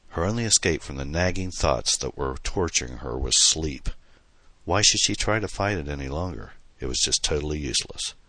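A man's voice: extremely low pitch, sharp tone, no room sound. A man reading a novel aloud in dramatic, tense scripted narration. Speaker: audiobook narrator.

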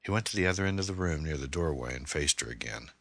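A man narrating a thriller novel chapter in a measured, deliberate way. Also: very deep voice, expressive, fairly bright tone, no echo. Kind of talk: audiobook narration.

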